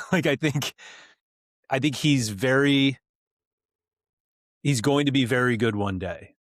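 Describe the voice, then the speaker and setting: A man's voice: mid-range voice, takes it slowly, dry recording, studio quality. A man co-hosting a podcast, chatting casually about football, saying "like" often and laughing easily. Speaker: podcast co-host.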